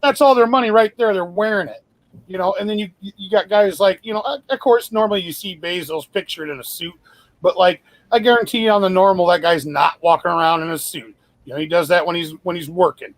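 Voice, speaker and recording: A man hosts a loose podcast conversation, wandering through his thoughts with lots of fillers and a few curse words. His voice sits fairly high for a man. The sound is dry and close, with no room in it. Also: fairly quick, no echo. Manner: rambling, profane, lots of fillers and restarts. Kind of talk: casual chat.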